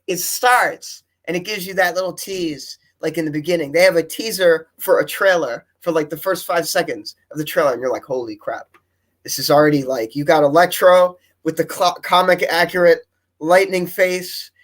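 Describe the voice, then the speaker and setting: Excitable young man rambling fast. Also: high voice. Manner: rambling, fast, breathless enthusiasm with restarts. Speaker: co-host. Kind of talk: excited casual chat.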